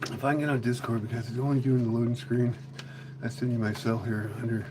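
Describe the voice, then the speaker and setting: A man's voice: medium pitch, flat delivery, quick pace, warm tone, a little hiss or hum. A man chatting casually with viewers on a live stream, rambling and joking with mild swearing. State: a little out of breath after chasing goats.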